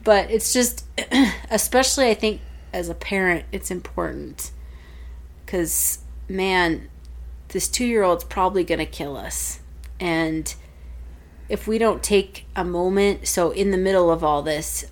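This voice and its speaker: Woman, 30s, lower pitch, casual chat, chatty storyteller, podcast co-host. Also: takes it slowly. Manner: chatty storytelling, acts out quoted family voices.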